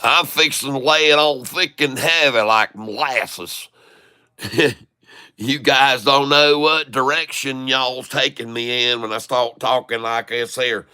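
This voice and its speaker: A man's voice: medium pitch, slow, pushed and bright, smooth, no echo. A man putting on the voice of a joking rural Southern man with a thick Southern drawl. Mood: folksy. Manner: drawling, folksy, chuckling.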